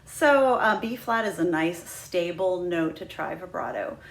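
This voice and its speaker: A woman's voice: fairly low pitch, animated, measured pace, vocal fry, roomy sound. A woman teaching a flute lesson, patient and demonstrative, walking students through each step. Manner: patient, demonstrative, breaks into sung "ha ha" drills. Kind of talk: instructional lesson.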